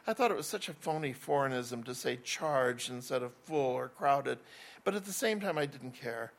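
A man's voice: mid-range voice, animated, normal speed, vocal fry. A man reading a first-person novel aloud in a wry voice, with small slips and restarts. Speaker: narrator.

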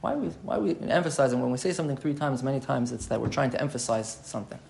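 A man's voice: medium pitch, animated, very fast, vocal fry, a little mellow. A man giving an explanatory Torah class, thinking aloud and repeating key phrases as he explains. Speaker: Torah teacher.

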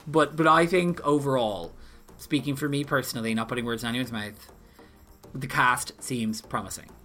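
A man's voice: mid-range voice, moderate pace, a bit bright, soft background music. A man co-hosting a podcast, talking casually with hesitant restarts. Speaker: podcast co-host.

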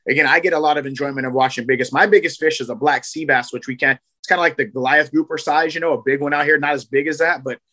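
Fast-talking laid-back fishing guy. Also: fairly high pitch. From Southern California. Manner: fast, animated storytelling with slang. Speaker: guest, fishing program organizer. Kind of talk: casual podcast chat.

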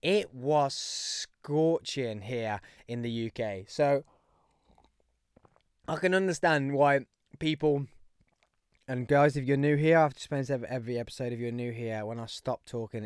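A man's voice: medium pitch, expressive, a little slow, clean tone, no echo, studio quality. A young man with a Birmingham accent hosting a podcast, talking in an upbeat, rambling way. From West Midlands, England. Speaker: podcast host. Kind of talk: casual podcast monologue.

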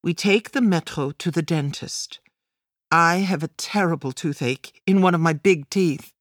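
A woman narrating a first-person memoir as an audiobook, in a measured, plain storytelling manner. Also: lowish voice, no room sound, studio quality.

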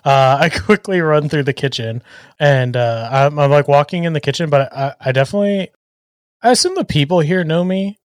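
A man's voice: a little high, normal speed, no room sound, clean studio sound. A young man playing a tabletop game, joking and laid-back with lots of fillers. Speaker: player. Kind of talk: casual tabletop play.

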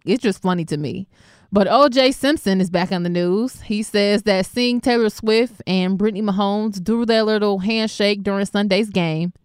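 A young woman hosts a talk radio show and reads the news in a loose, laughing, conversational way. Her voice is smooth and clear. The studio sound is dry and close. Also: medium pitch, dry recording. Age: young adult. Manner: laughing, chatty, affectionate and conversational.

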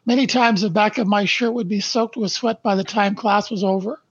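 An older man from Canada, a podcast guest who speaks slowly and deliberately, stressing his points and then reading his life story aloud. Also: sits high, steady tone, breathy edge, no echo, dull audio. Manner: slow, deliberate and emphatic.

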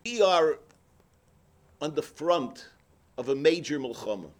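Animated high-voiced man giving a sermon. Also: measured pace. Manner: animated storyteller, acts out characters, cries out. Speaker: rabbi. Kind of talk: sermon with storytelling.

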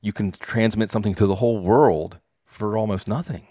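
A man's voice: on the low side, brisk, mellow, no room sound, clean studio sound. A man in his forties from Pittsburgh, a fantasy football podcaster telling stories in a casual interview, enthusiastic and self-deprecating.

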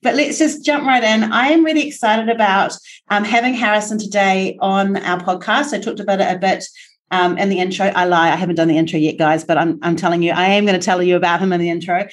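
This is a woman with a New Zealand accent hosting a casual podcast interview. She talks in a bubbly, chatty way and laughs often. Her voice sits at a middle pitch. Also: fairly even intonation, fast talker. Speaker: podcast host.

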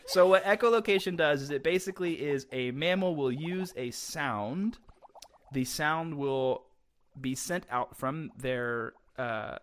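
A man's voice: a little high, measured pace. A young man co-hosting a casual science chat for kids, playful and explaining things with jokes. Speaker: co-host.

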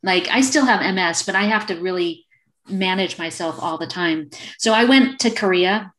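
A woman in her fifties, a podcast guest telling a personal story in a casual, animated way over a remote call. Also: fairly low pitch, normal speed. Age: 50s. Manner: animated, acts out quoted dialogue.

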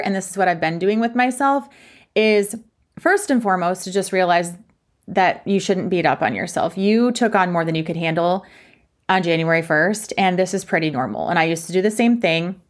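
A woman's voice: mid-range voice, moderate pace. A young woman hosting her own podcast as a fitness coach, talking frankly and chattily, poking fun at herself. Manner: frank, chatty, self-deprecating. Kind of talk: candid solo podcast talk.

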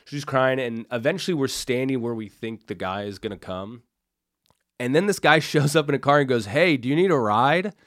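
A man tells a story as a podcast guest, rambling and cursing as he goes. His voice sits at a middle pitch. It is recorded dry, with no room sound around it. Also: animated, normal speed, fairly bright tone, no room sound. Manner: rambling, full of "like" and swearing. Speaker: comedian guest.

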